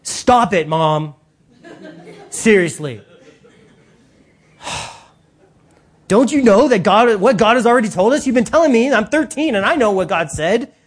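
A man's voice: sits high, expressive, measured pace, pauses often, husky, pitched above the performer's own voice, heavily acted. A man voicing an exasperated thirteen-year-old boy pleading about his panicking mother.

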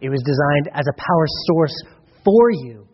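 Pastor from Colorado, slightly high and breathy, playful storyteller; dull recording with long reverb. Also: male voice, animated, moderate pace. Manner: conversational, humorous storytelling with acted-out dialogue. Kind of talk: sermon.

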